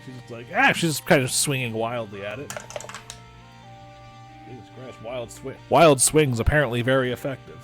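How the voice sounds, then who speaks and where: A man's voice: mid-range voice, moderate pace, long pauses, a bit bright, soft background music. A man running a tabletop game as game master, describing the action casually with many restarts. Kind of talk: narrating and ruling a tabletop game.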